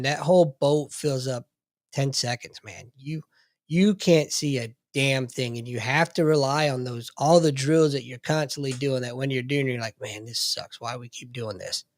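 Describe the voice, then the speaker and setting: A man's voice: medium pitch, dry recording, clean studio sound. A man and Navy submarine veteran in a podcast conversation, telling war stories bluntly and with lots of cursing. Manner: blunt, profane storytelling. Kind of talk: casual chat.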